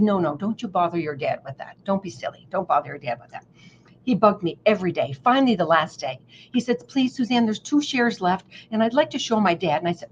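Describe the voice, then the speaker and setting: Woman guest, lively self-deprecating storyteller, dull lo-fi line with light hiss. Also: mid-range voice. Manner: animated, self-mocking, acts out voices in her stories. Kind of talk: casual storytelling. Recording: dull lo-fi audio with faint noise.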